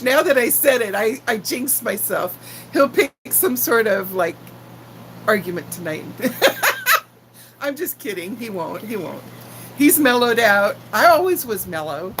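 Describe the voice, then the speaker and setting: An older woman in her sixties hosts a relaxed live stream, greeting her viewers by name with affection. Her voice sits a little high, and she talks at an unhurried, slow pace. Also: a little hiss or hum, poor audio. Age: 60s. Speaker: channel host chatting with live viewers. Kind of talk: casual live-stream chat.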